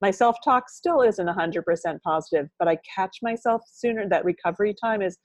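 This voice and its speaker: A woman's voice: mid-range voice, a little fast, dry recording. An older woman talking as a podcast guest and author, rambling and full of sayings and "you know". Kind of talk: candid interview conversation.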